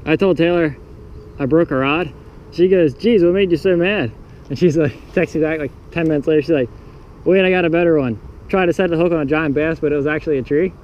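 A man hosting a fishing vlog from a boat, casual and excitable, hollering when he lands a fish. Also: on the high side, a little fast, highs cut off. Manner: excitable, hollers over catches. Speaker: fishing vlogger. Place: outdoors on a small fishing boat. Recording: noisy outdoor boat audio.

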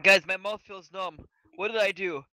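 A man's voice: high voice, steady tone, moderate pace, noisy background. A man gaming with friends on voice chat, hamming up a dramatic fainting bit. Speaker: gamer on voice chat. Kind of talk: playful voice chat banter.

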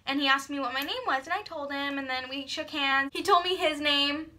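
Bright high-voiced young woman chatting. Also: brisk. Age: young adult. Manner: chatty storyteller, laughs easily. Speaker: vlogger. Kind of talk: casual couple Q&A.

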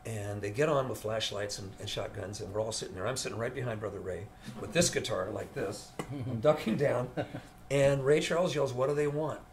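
An older man, a veteran studio guitarist, telling an animated story in an interview and acting out the voices of the people in it. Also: on the low side, fairly quick, slight background noise.

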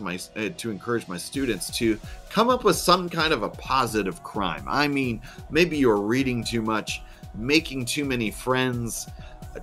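In a mid-range voice, a male teacher narrates a screen-recorded software tutorial. He walks through it step by step in a chatty way, dropping dry little asides.

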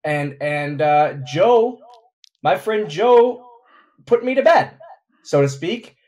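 A man hosting a casual chat podcast, halting and self-mocking as he talks. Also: a little high, lively intonation, a little mellow. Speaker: podcast host.

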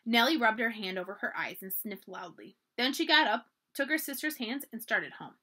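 A woman's voice: on the high side, moderate pace. A woman reading a children's chapter book aloud for a library, telling it expressively. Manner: expressive, animated storytelling. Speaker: library storytime reader.

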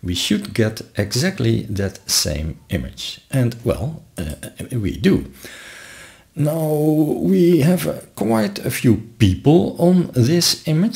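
A man hosting a screen-recorded software tutorial, explaining step by step. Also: medium pitch, gravelly. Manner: relaxed, explains step by step with frequent uh fillers. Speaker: tutorial host.

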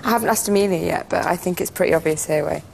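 A woman's voice: on the low side, rapid-fire, creaky, a little mellow, slight background noise. A woman, a reality show housemate, chatting casually with a playful, teasing manner. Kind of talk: casual chat.

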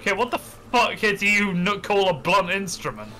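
Bright, lively Englishman ribbing friends. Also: high voice, normal speed. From England. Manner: teasing, sweary banter. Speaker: player. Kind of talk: casual gaming chat with friends.

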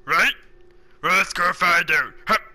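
A man with a sore throat giving excitable let's play commentary, swearing a lot and narrating his own moves. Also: high-pitched, measured pace. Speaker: gaming commentator. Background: game music.

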